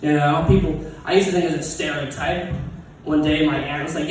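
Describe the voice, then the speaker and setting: A man's voice: a little high, fairly even intonation, brisk, a little hiss or hum. A man doing a crude, sarcastic stand-up set at an open mic, rambling with fillers and restarts. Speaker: stand-up comic. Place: open mic comedy venue. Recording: echoey room miked from a distance.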